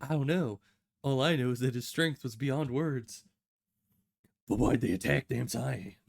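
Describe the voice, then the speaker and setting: A man's voice: medium pitch, unhurried, creaky. A man reading as a mopey grieving prince. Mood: sullen. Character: grieving young male prince, mopey bard. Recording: guitar music behind.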